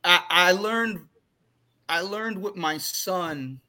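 A man in his forties talks candidly on a podcast, his words looping through restarts and asides. His voice is bright and sits a touch high for a man. The delivery is loose and conversational. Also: slow pace. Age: 40s. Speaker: podcast co-host. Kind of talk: casual chat.

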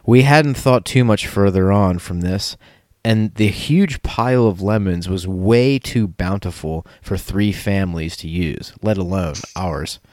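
A man's voice: deep voice, measured pace, dry recording, studio quality. A man hosting a podcast, reading a listener's letter aloud in a loose, casual chat. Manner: lively, laughing, loose. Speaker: podcast host.

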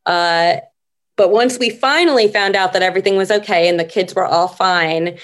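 A middle-aged woman, a podcast guest, telling stories at an unhurried, reflective pace in a casual interview. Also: medium pitch.

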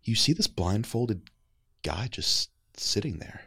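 A man running a tabletop game as game master, narrating with animated storytelling that swings between hushed and loud. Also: lowish voice, slow pace, vocal fry, husky.

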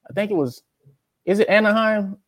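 An aspiring rapper being interviewed, this young Louisiana man talks at normal speed in a high, slightly bright voice. He's relaxed and drawling, addressing the listener as "man" or "brother", and the recording has no echo.

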